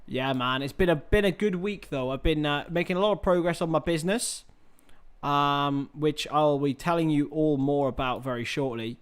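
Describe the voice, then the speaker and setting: A young man hosting a live football watchalong, chatting with viewers, swearing freely and shouting at big chances. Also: a little high, moderate pace, smooth. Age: young adult. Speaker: watchalong host.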